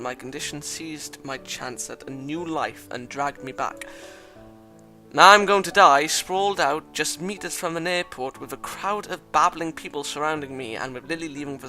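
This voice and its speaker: Man dramatically reading a visual novel. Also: on the high side. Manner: dramatic reading broken by loud exclamations and swearing. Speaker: visual novel let's-play reader. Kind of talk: reading a visual novel aloud with joking asides.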